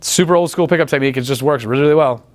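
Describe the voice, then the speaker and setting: A young man teaching as a dating coach in casual seminar talk, blunt and crude, checking in with his listeners often. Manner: blunt and crude, acts out quick high-pitched quoted exchanges.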